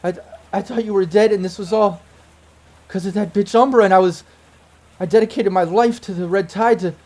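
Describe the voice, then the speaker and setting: A man voicing a distraught woman gang leader who is crying at finding someone alive, in a high strained voice. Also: fairly quick, darkish tone, lightly acted. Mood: shaken, pouring out.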